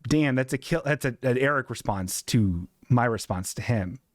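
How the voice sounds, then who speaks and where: A man hosts a live comedy stream in a loose, rambling way, swearing and laughing as he goes. His voice sits in a middle pitch and is recorded close and dry, with no room sound around it. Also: lively intonation, normal speed, no echo. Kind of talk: rambling casual chat.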